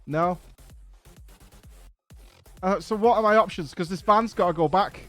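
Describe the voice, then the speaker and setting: A man streaming a game from home, telling a story in a casual, animated, exasperated way and swearing often. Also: high voice, quick pace, faint music behind.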